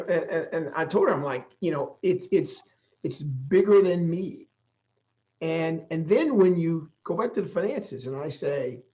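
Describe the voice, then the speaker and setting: Man, middle-aged, earnest, emphatic, repeats words, slightly high voice, muffled audio. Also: darkish tone. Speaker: college president, guest. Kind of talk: interview conversation.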